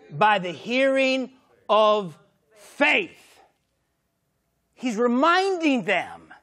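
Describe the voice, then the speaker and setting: A man preaching a sermon as pastor, swinging from shouted exclamations to hushed, intimate lines. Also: high-pitched.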